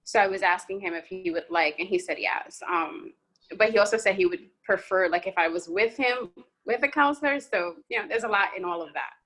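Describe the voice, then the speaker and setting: A woman's voice: medium pitch, a little fast, a bit bright, low-quality recording. Here a woman with a mid-range voice takes part in an online parent workshop. She talks about her family openly and easily, with small fillers along the way. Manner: open and talkative, with fillers. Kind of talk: casual sharing on a video call. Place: video call.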